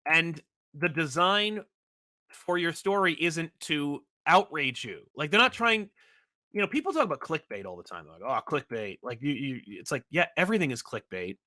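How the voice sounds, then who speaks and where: A man co-hosting a casual podcast chat, talking in long animated runs with many restarts. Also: a little high, normal speed. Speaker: podcast co-host.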